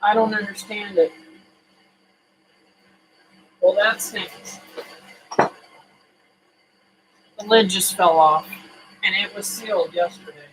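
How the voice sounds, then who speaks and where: A homesteading vlogger talks to camera from a home kitchen in an unhurried, drawn-out way. The voice is bright and forward. The delivery is folksy and rambling, full of ums and uhs. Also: medium pitch, soft background music, low-quality recording. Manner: folksy, rambling, with many fillers. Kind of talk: casual chat to camera.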